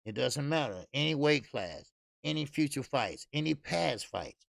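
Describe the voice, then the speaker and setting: With a gravelly, medium-pitched voice, a man hosts a boxing channel in a casual livestream style, blunt and profane and leaning on lots of repeated fillers. The sound is studio quality with no echo.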